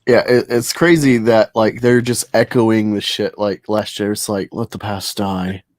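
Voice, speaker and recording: A man's voice: on the low side, steady tone, a little slow, a little mellow. A man co-hosting a livestream, chatting loosely and reading chat aloud. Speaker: co-host. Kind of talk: casual livestream banter.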